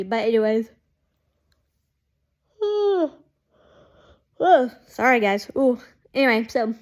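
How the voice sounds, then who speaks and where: A woman chatting casually to her camera as a fan vlogger, rambling and saying "like" constantly. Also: a little high. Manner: rambling, heavy use of "like", chatty. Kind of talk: casual chat.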